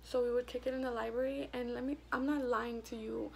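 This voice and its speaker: A young woman tells a story from her school days in a blunt, profane, animated way. Her voice sits a little high and has a gravelly, fried edge. A faint hiss runs under the home vlog recording. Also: fairly quick. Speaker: vlogger. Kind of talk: casual storytime.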